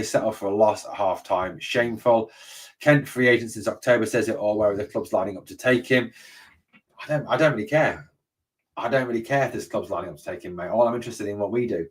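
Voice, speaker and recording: Guy on a live stream, low husky voice, kinda far from the mic, swears a lot, keeps saying mate. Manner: blunt and swears freely, says "mate" and "obviously" a lot. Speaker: host of a fan channel. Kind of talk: live stream chat reading comments.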